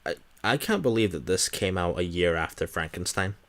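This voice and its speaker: A man's voice: low voice, expressive, fairly quick, a bit bright. A man co-hosting a podcast, chatting casually about old films in a thoughtful, earnest and slightly hesitant way. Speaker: podcast co-host.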